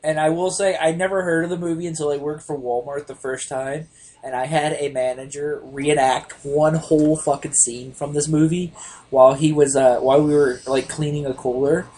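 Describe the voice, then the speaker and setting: A man with a slightly high voice chats casually as a podcast host. He tells stories with animated energy and plenty of swearing. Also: moderate pace. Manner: animated, profane storyteller. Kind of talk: casual chat.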